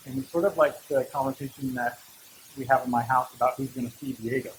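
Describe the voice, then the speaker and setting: A middle-aged male pastor giving a sermon in a church, talking in a relaxed, conversational way with humorous asides. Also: mid-range voice, quick pace, slight background noise, poor audio.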